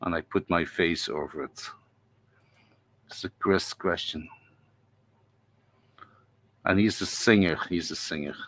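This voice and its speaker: A man hosting a casual live stream from home, talking haltingly with lots of repeated words and chuckles. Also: low-pitched, a bit bright.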